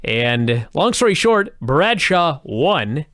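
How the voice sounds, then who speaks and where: A blunt man co-hosts a casual podcast and keeps up crude, deadpan complaints. His voice sits a little high and swoops around a lot. The sound is dry and close. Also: slow, dry recording. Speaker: podcast co-host.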